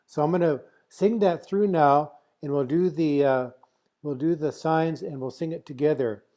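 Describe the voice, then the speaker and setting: A man teaching a song over a video call, speaking in a halting way with many filler pauses. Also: a little high, dark tone. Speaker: flute player teaching a song.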